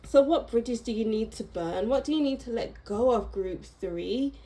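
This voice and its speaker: A woman giving a tarot reading to her viewers, talking in a slow, reflective and gently encouraging way, pausing and restarting her thoughts. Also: on the high side, animated, low-quality recording. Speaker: tarot reader. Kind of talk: unscripted tarot reading monologue.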